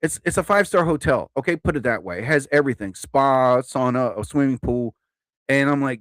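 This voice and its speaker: A man's voice: medium pitch, fairly quick, a bit bright, dry recording. A man in his fifties telling stories on a live stream in a casual, chatty way, laughing at his own jokes. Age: 50s.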